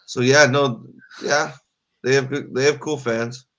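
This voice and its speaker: A man's voice: medium pitch, fairly even intonation, a little slow, a bit bright. Easygoing man co-hosting a stream. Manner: easygoing, rambling with fillers. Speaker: co-host. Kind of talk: casual live-stream chat.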